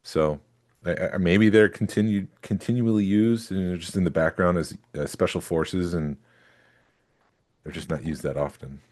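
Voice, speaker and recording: A man's voice: low voice, moderate pace, a little mellow. A man hosting a collecting podcast, chatting casually and hedging with "like" and "uh.". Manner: rambling, hedging with "like" and "uh". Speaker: podcast host. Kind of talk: casual chat. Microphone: studio microphone that pops.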